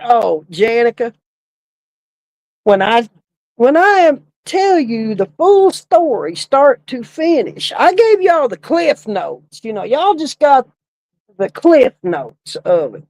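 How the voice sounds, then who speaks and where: A woman's voice: on the high side, big pitch swings, slow, darkish tone, no room sound, poor audio. A middle-aged woman, telling a story in casual podcast chat, laughing often and swearing casually. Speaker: podcast co-host, former funeral director.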